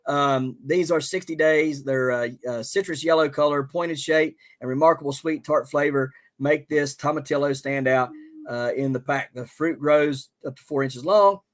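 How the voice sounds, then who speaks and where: A man's voice: a little high, moderate pace. A man with a Southern accent hosting a homestead livestream, chatting casually in a rambling, folksy way with plenty of ums and uhs. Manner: rambling, folksy, many fillers.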